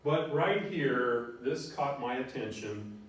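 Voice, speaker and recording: A middle-aged man teaching a college algebra lecture, animated and telling stories, shouting out key words now and then. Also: mid-range voice, takes it slowly. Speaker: college math instructor. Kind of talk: recorded math lecture. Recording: very echoey room, voice from far off.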